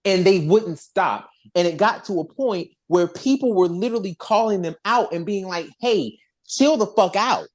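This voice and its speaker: A podcast host in casual chat, talking in an animated, rambling way with frequent restarts and swearing. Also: mid-range voice, normal speed, hardly any pauses.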